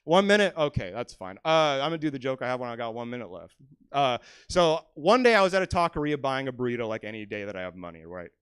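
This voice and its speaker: A young man doing a stand-up set in a small comedy theater, brash and profane, swinging between loud rants and muttered asides. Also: medium pitch, very animated, fast, smooth, no echo. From California. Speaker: stand-up comic.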